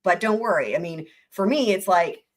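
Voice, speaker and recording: A woman hosting a livestream, giving casual trial commentary in a very expressive, chatty way and laughing often. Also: medium pitch, normal speed. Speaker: livestream host.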